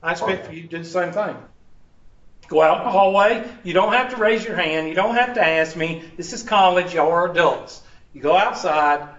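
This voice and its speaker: A high-voiced man speaks to his college math class on the first day, joking and folksy, calling on students by name. The sound is distant and muffled, with the echo of the classroom around him. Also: normal speed, fairly bright tone.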